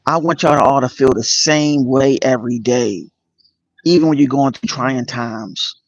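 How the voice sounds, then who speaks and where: A man hosting a casual livestream, greeting viewers by name and speaking earnestly and emotionally about his spiritual path, with many pauses and fillers. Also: mid-range voice, no echo. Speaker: channel host. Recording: dull lo-fi dry sound.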